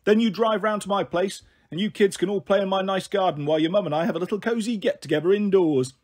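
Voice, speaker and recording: A man's voice: high voice, fast, a little mellow. A man reading a storybook aloud, voicing a chatty, cheeky middle-aged man flirting on a bus.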